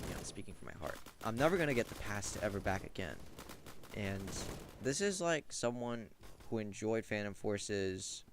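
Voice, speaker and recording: Young man, lowish voice, rambling gaming commentary, filler-heavy, casual. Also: noisy background.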